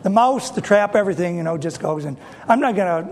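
A middle-aged man preaching a sermon, telling funny stories in an animated way and asking his audience questions. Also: sits high, fast talker, gravelly, a little hiss or hum. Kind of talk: sermon storytelling.

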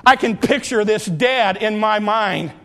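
A middle-aged man, a pastor, preaching a sermon that swings from impassioned peaks down to quiet, confiding asides. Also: high voice, unhurried.

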